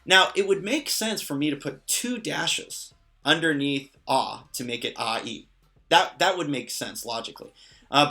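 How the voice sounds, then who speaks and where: Male teacher, bright clear voice, patient and jokey, casual explainer, soft music under. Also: medium pitch. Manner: patient, explanatory, lightly joking. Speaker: language teacher. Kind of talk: casual lesson explaining a constructed language.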